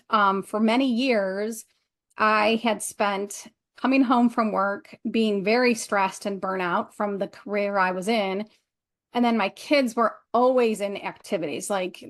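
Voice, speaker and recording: A middle-aged woman, a clinical therapist, answering interview questions in a measured, reflective way with frequent pauses and ums. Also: mid-range voice, fairly bright tone. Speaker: guest, clinical therapist and coach. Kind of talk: interview answer, personal story.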